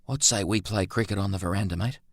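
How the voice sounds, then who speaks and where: A man reading an audiobook, voicing a friendly young man who speaks quietly and casually. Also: low-pitched, quick pace, no room sound, studio quality. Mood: easygoing.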